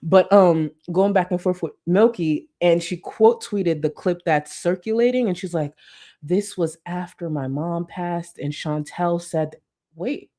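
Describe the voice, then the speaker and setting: A woman host giving casual commentary on a livestream clip, talking loosely and jumping up into exaggerated exclamations. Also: a little slow. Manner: animated, swings into exaggerated high exclamations; laughs through lines.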